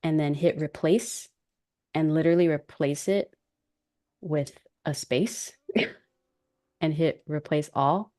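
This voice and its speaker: A woman with African American English chatting casually as a guest creator, relaxed and self-deprecating, laughing often as she explains. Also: deep voice, takes it slowly, long pauses. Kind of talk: casual tutorial chat.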